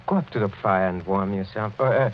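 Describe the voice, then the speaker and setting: A middle-aged actor playing a sinister aristocratic count who speaks in a smooth, insinuating way and chuckles often, in an old radio drama. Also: male voice, on the low side, a little fast, a little hiss or hum, close to an everyday voice. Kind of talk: 1940s radio acting. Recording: dull lo-fi old radio broadcast.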